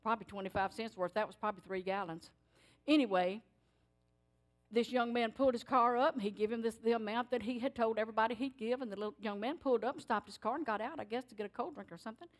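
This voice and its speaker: An older woman giving a sermon in church, telling stories in an animated, emphatic way. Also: fairly high pitch, fast talker. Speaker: church speaker. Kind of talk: sermon testimony.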